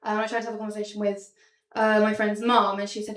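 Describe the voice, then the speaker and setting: A woman's voice: medium pitch, monotone, quick pace. A young woman doing stand-up comedy in a small theatre, wry and self-deprecating, with a lot of ums. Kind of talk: stand-up comedy show with slides. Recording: roomy sound from a distance.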